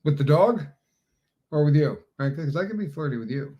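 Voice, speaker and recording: A man's voice: a little high, animated, moderate pace, lo-fi sound. A man with a Southern US accent co-hosting a casual livestream, with dry, teasing banter. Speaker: livestream co-host.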